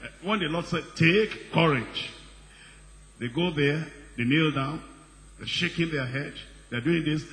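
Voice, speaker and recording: A man preaching a sermon with emphasis, repeating phrases and rising in pitch and volume as he presses his points. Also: unhurried, fairly bright tone. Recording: reverberant hall with faint background noise.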